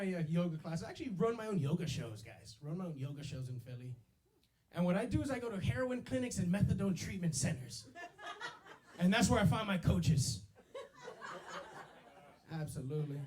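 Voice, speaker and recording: A man's voice: high voice, a little mellow. A man in his twenties doing a stand-up set on a club stage into a handheld mic, loose and slangy, throwing in yo and baby. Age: 20s. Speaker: stand-up comedian.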